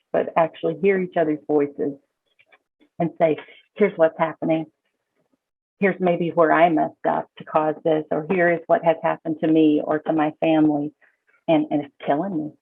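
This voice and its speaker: A woman's voice: on the low side, husky. Tinny-sounding woman counselor, emphatic. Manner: emphatic, repeats her words when starting a thought. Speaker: licensed counselor, podcast guest. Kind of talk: casual conversational advice. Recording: tinny phone-like call audio.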